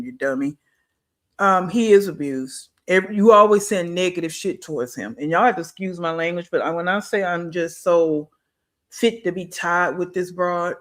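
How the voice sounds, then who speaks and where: A reaction channel host giving blunt, scolding commentary and talking back at a clip. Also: mid-range voice.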